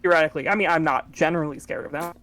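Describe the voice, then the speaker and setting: A woman's voice: low-pitched, racing, fairly bright tone, slight background noise. A woman in casual podcast chat, telling a story in a wry, understated way. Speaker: podcast co-host.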